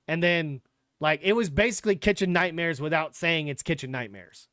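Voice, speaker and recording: A young man hosts his sports podcast livestream in a casual, rambling way, with sarcastic asides and the odd curse. His voice sits a touch high for a man and sounds smooth and clear. The sound is dry and close, with no room echo. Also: moderate pace, a bit bright. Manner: loose, rambling and sarcastic, with profanity. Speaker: podcast host.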